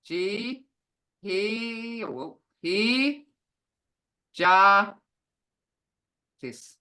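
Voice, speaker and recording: A woman teaching a beginner language class over a video call, slowly sounding out each syllable for her students. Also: mid-range voice, expressive, bright, forceful tone. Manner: slow, deliberate, sounding out syllables.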